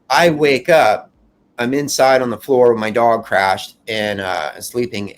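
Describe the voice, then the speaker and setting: A man giving an emotional first-person account of surviving a fire, in an earnest, halting way with many restarts. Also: mid-range voice.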